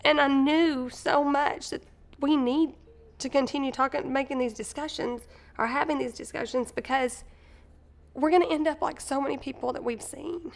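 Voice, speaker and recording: A woman's voice: high-pitched, fairly even intonation, normal speed, gravelly. A wife candidly sharing her own experience of marriage, sometimes searching for words. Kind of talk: personal testimony.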